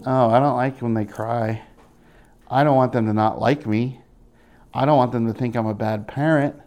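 Young guy preaching, animated, does little voices for people he quotes, slows way down to make a point. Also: mid-range voice. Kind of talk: sermon.

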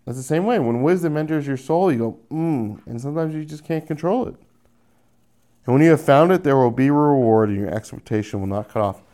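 A man with a mellow, mid-range voice and lively intonation preaches a sermon, speaking directly to believers. He acts out the voices of the people he describes and draws out "mm" sounds.

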